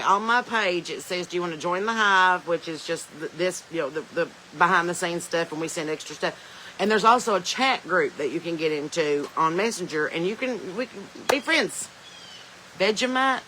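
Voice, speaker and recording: Speaking with a fairly low pitch at a normal pace, this podcast host from the Southern United States sounds expressive, bright, and forceful. She rambles through a laid-back phone live stream, laughing often and reading out viewer comments. A little hiss or hum runs under the rough smartphone audio.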